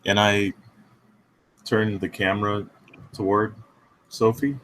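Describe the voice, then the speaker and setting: A man with a very deep voice plays a tabletop game and casually describes his character's actions. He speaks in an easy, relaxed way. A faint hiss runs beneath his voice. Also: slow, rough recording. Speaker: player.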